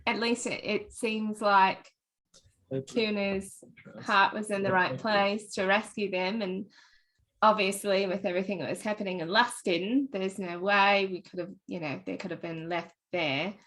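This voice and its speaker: Brief: woman tabletop player, slow, hesitant delivery. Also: mid-range voice, fairly even intonation, a bit bright. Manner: hesitant, many fillers. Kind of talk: describing her character in a tabletop game.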